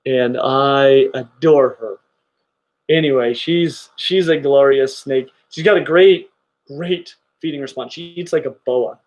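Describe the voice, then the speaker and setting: A man's voice: medium pitch, unhurried, highs cut off. A middle-aged man hosting a casual reptile livestream, gushing enthusiastically about his animals. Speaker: reptile channel host.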